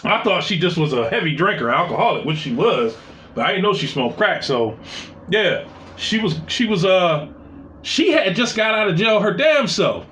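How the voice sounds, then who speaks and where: Male storyteller, 40s; profane and rambling, animated delivery, roomy echo. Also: high-pitched, normal speed, slight background noise. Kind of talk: casual personal storytelling. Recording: echoey room.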